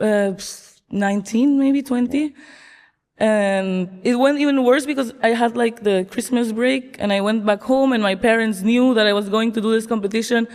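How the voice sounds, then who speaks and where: A woman from Peru, a chef guest in an interview, telling stories in a lively way and laughing often. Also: a little high, normal speed, big-room sound. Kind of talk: casual interview storytelling.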